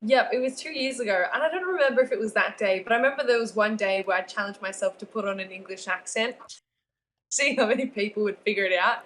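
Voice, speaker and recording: A woman's voice: medium pitch, fast talker, fairly bright tone, a little hiss or hum. A young woman, a singer-songwriter guest, chatting casually and giggling with lots of fillers. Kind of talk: casual chat.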